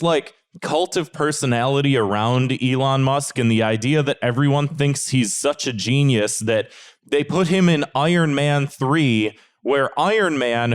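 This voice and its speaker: A man with an ordinary mid-range voice, ranting on a podcast with an exasperated edge. He talks casually and swears freely into a close mic. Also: medium pitch. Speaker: podcast panelist.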